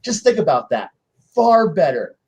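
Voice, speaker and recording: A high-voiced man on a panel trades tabletop game anecdotes in loose, casual chat at a moderate pace. His delivery is sing-song, husky and darkish in tone, full of restarts and little acted-out quotes from his players.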